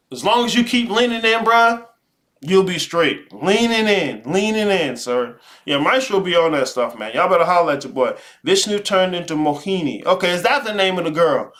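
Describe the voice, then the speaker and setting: A man with a high voice hosts a live stream and talks straight to his chat. He swears freely and sounds preachy. He drifts between quiet musing and loud, heated rants. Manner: profane, preachy, swings between muttering and ranting. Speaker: live show host. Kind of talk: casual live-stream monologue.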